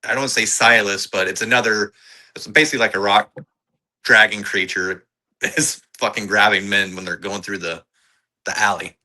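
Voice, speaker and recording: A man's voice: fairly low pitch, steady tone, moderate pace, bright, forceful tone, low-quality recording. A man co-hosting a casual film review, talking in a loose, rambling way with laughs between phrases. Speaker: podcast co-host.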